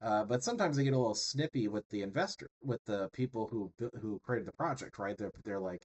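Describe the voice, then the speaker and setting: A man's voice: lowish voice, lively intonation, a little fast, a little mellow, low-quality recording. A man lecturing a class in a loose, conversational way, peppered with fillers and tag questions. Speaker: instructor.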